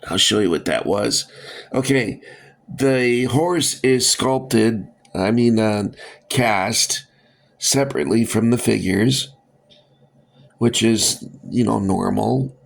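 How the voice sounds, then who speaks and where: A man's voice: lowish voice, takes it slowly, creaky. A man casually reviewing vintage toy soldiers, rambling with lots of fillers and dry jokes, a bit winded.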